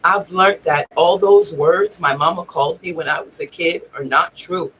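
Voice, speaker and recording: A woman's voice: lowish voice, normal speed, a bit bright, slight background noise, poor audio. A woman vlogging, telling a personal story in a raw, emotional way, swearing freely and near tears at times. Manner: raw, profane, tearful at times.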